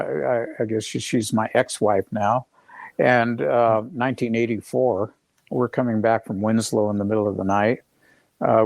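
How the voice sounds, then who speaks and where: A middle-aged man telling a story as a guest on a live video call, rambling and halting with many fillers and restarts. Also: mid-range voice, creaky, a little mellow, no echo.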